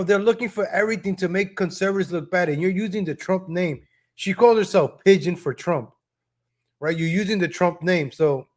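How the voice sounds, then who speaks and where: Brief: man, higher-pitched voice, casual live-stream host, chatty and scolding. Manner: talks straight to viewers, scolding and chuckling; repeats himself with tag questions.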